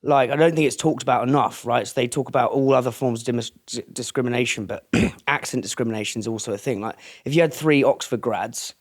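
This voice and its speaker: A man hosts a relaxed interview in a plain, middle-pitched voice. His questions wander informally, full of casual filler words. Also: quick pace, hardly any pauses. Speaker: podcast host.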